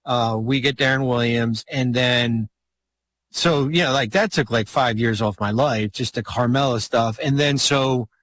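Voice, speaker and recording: A man, a former basketball team executive, telling a long anecdote in casual chat, rambling and animated with sudden jumps in pitch. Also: measured pace, slight background noise.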